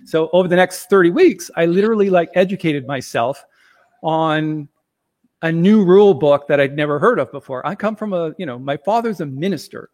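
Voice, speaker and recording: A man's voice: a little high, expressive, brisk. A man casually telling a personal story as a guest, rambling, with plenty of fillers and chuckles.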